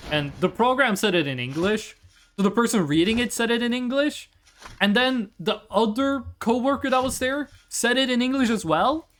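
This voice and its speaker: A young man streaming a game, chatting casually and telling profane, animated stories. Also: extremely high pitch, normal speed. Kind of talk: casual chat while gaming.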